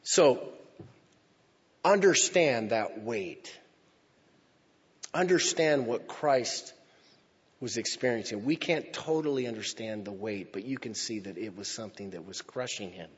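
A male pastor preaching a sermon, slow and emphatic, swinging from loud declarations to hushed near-whispers. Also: on the low side, slightly rough. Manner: slow, emphatic phrasing with pauses. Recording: lo-fi with long hall reverb.

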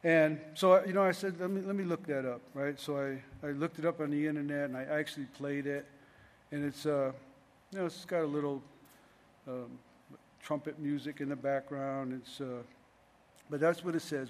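A man's voice: a little high, steady tone, moderate pace, big-room sound. A middle-aged man preaching a sermon in a loose, conversational way, often restarting his sentences. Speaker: pastor.

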